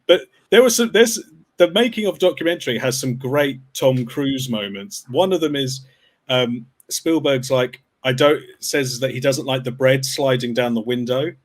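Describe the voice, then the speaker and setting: A man's voice: mid-range voice, normal speed. A man on a film podcast, casually retelling behind-the-scenes stories. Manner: anecdotal, retelling stories with quoted voices. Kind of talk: casual chat.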